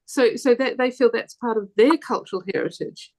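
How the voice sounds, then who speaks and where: A New Zealand woman on a discussion panel, talking in a fairly high voice. She rambles, corrects herself and restarts often, and turns lively when something annoys her. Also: normal speed, creaky. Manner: chatty, rambling, with many restarts and self-corrections; laughs easily, animated when indignant.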